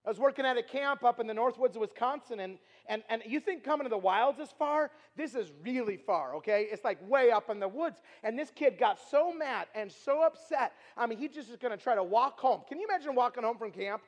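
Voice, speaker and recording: High-voiced man preaching in a big hall. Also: lively intonation, a little fast, hardly any pauses. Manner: earnest, repetitive, swinging from loud to hushed. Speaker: youth speaker. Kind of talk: storytelling sermon. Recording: long reverb of a large hall.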